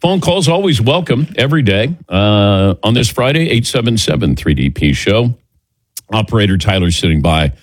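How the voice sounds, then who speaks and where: A man hosting a morning sports talk show on the radio, bantering loosely with his crew and tossing to them by name. His voice sits at an ordinary pitch. The sound is dry and close, on a studio mic. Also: sing-song, moderate pace, no echo. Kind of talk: casual radio show chat. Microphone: studio microphone.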